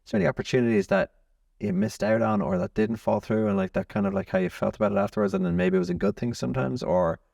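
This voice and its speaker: A man's voice: on the low side, quick pace, creaky, a little mellow, dry recording, studio quality. A man interviewing a musician, asking loose, chatty questions.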